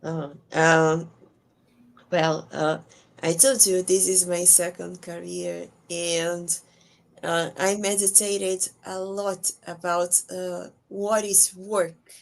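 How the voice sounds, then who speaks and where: A woman's voice: on the low side, flat delivery, slow pace, vocal fry. A woman in her thirties hosting a podcast interview, speaking hesitantly with many fillers. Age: 30s. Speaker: podcast host. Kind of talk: casual interview.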